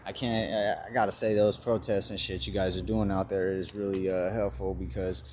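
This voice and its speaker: Low-voiced man telling a story outdoors. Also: moderate pace. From California. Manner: animated retelling, acts out both sides of dialogue, swears. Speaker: vlogger. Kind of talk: casual storytelling to camera. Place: outdoors at a store parking lot. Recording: noisy outdoor recording with passing traffic.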